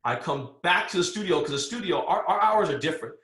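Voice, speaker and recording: A man telling a story as a podcast guest, animated and full of slang, acting out the other people's lines. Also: a little high, fast talker, roomy sound. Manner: animated, acts out quoted dialogue with slang. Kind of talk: casual storytelling.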